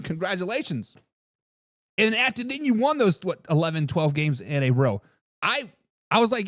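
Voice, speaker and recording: Brash male sports talk host, high voice, dry close sound, answers live chat. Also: animated, normal speed, fairly bright tone, no echo.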